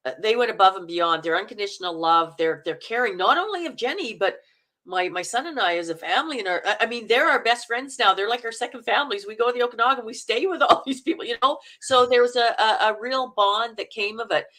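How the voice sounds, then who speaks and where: A woman's voice: a little high, quick pace. An older woman from Manitoba with a Canadian accent, an actor and coach telling stories as an interview guest, laughing often. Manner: lively, laughing storyteller. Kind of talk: casual interview chat.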